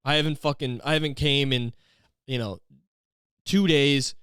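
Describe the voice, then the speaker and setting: A young man hosting a comedy podcast, ranting in a profane, animated, self-mocking way. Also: medium pitch, normal speed, smooth, dry recording, clean studio sound. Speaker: podcast host.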